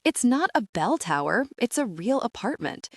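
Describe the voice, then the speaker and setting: A woman's voice: a little high, sing-song, normal speed, husky, no room sound, pitched above the performer's own voice, exaggerated voice. A woman voicing a dry-humored young man who owns a theater, in an audiobook reading. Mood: teasing. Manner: dry, teasing.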